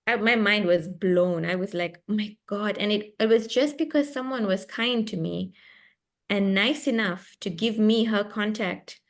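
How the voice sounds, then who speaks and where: Animated South African woman telling a story. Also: mid-range voice, measured pace. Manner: animated, laughing, lively and expressive, with self-interruptions. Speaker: author. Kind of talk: storytelling in a book club chat. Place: video call. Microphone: computer mic on a video call.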